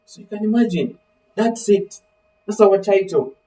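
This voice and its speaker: A man's voice: high-pitched, normal speed, distant mic, rough recording. A man teaching a literature lesson, calling on students by name and asking fill-in-the-blank questions. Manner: animated, acts out voices of characters. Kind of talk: live online literature lesson.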